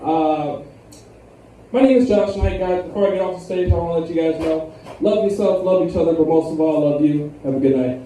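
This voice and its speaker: A man's voice: fairly high pitch, a little fast, noisy background. A young man doing a stand-up comedy set in a lounge, with a laid-back, rambling delivery full of fillers. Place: lounge with a live audience. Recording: echoey room, far from the mic.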